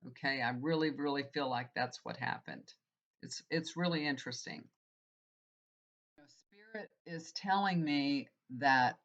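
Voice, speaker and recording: A woman's voice: deep voice, fairly bright tone, dull audio. A woman tarot reader and healer in an earnest, rambling casual spiritual talk, with many fillers.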